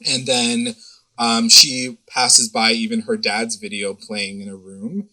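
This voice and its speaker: A man's voice: mid-range voice, flat delivery, slow pace, sharp tone, low-quality recording. A man co-hosting a podcast, recapping an episode in rambling casual chat and swearing freely. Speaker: podcast co-host.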